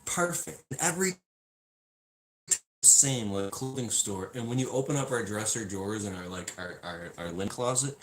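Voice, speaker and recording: A man's lowish, expressive voice comes through at a moderate pace on a low-quality recording with a little hiss or hum. Hosting a self-help video, he reads from a book to his viewers, then drifts into a rambling story that mocks himself and is full of swearing.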